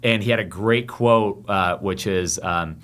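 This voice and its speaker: A young man chats as a podcast guest, spinning animated anecdotes with quick asides. His voice sits fairly low. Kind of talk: casual chat.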